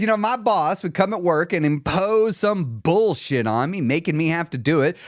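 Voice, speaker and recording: Lively, animated man coaching live. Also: high voice, dry recording, clean studio sound. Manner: animated, laughs often, acts out voices. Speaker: coach hosting a live stream. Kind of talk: casual live teaching.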